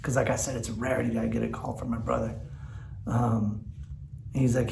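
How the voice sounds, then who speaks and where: Gravelly man vlogging, choked up. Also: medium pitch, little pitch movement, fairly quick, long pauses, a little mellow, roomy sound, a little hiss or hum. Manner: candid, rambling, frequent fillers and restarts. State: teary, choked up. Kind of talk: emotional personal vlog talk.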